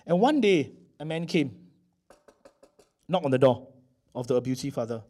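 A man telling a sermon story in an animated way, often checking in with the listeners. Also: mid-range voice, normal speed. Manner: animated, checks in with frequent "okay?". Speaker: preacher.

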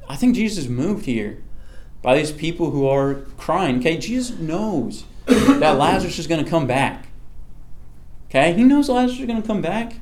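Man teaching a casual Bible study. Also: mid-range voice. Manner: conversational, checks in with frequent "okay?"; reads scripture aloud, then explains it.

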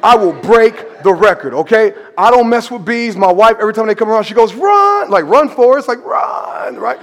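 A man preaching a sermon as pastor, storytelling with animated, shouted emphasis in a church sanctuary. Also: high voice, a little fast. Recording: long reverb of a large church hall.

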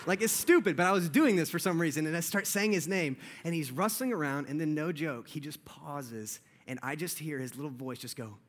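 A young preacher with a high, bright voice, addressing a congregation. He tells his story in an animated way and drops his voice low and hushed when building suspense. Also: a little fast, slight background noise. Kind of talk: sermon with personal story.

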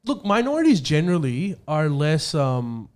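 Man, somewhat high voice, methodical explainer, casual host. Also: big pitch swings, normal speed, a little mellow. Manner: explanatory, methodical, hesitant restarts. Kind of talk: casual chat.

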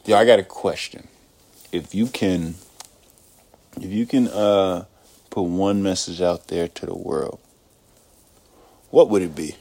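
A male podcast host with a very deep voice, talking earnestly in relaxed slang. The sound is dry and close, with no room around it. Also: takes it slowly, long pauses, no room sound. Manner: earnest, laid-back slang. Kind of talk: casual chat.

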